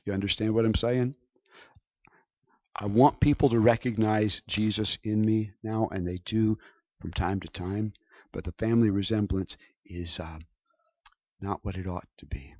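A man's voice: lowish voice, fairly even intonation, measured pace, a little mellow, no echo. Guy preaching a sermon, chatty and direct, dry dull-sounding recording. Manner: conversational preaching with frequent check-ins. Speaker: pastor.

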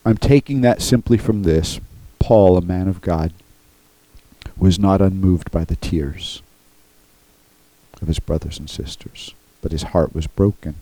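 Earnest low-voiced male preacher. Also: measured pace, dark tone, no echo, poor audio. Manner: earnest, emphatic, repeats "okay?" to the congregation. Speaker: pastor. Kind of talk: sermon.

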